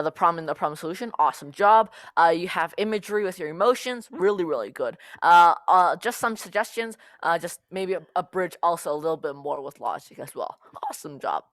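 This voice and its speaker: A woman's voice: on the low side, fairly bright tone, dry recording. Upbeat woman judge, very dry sound. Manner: upbeat, heavy on uh and awesome. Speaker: speech tournament judge. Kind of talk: casual spoken feedback.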